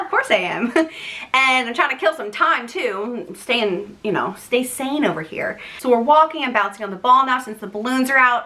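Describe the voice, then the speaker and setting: Young woman, casual to-camera storyteller, bright and a touch high, lively delivery. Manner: chatty, animated, acts out quoted voices. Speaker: vlogger.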